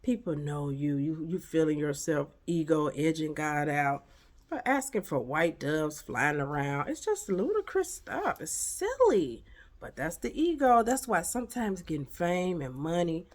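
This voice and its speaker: A woman giving a casual spiritual pep talk to camera, emphatic and preachy, full of rhetorical questions. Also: sits low. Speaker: motivational vlogger.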